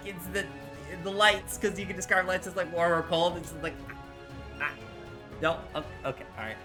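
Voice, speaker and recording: A man streaming live while he bakes in a home kitchen, rambling and joking loudly with his viewers, his microphone set some way from his face. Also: high-pitched, fairly even intonation, moderate pace, music in the background. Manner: loud, rambling, jokey, chatting with viewers. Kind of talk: casual chat while baking. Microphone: microphone set far from his face.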